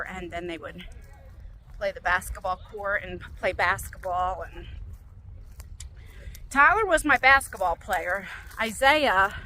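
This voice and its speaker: A woman in her forties chatting casually to her phone while walking around a lake park, rambling and animated as she tells stories. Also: a little high, a little hiss or hum, low-quality recording. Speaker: vlogger.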